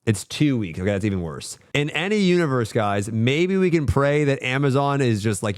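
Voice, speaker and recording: A young man streaming, ranting casually and swearing a lot, swinging between grumbling and hyped excitement. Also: mid-range voice, a little fast, few pauses, no echo, studio quality. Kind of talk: casual livestream rant.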